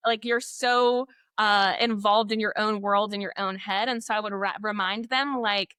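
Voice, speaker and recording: A woman educator in an interview, telling classroom stories in an animated way, acting out students and laughing often. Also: mid-range voice, moderate pace, smooth, no room sound, studio quality. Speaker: guest, literacy educator. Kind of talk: conversational interview.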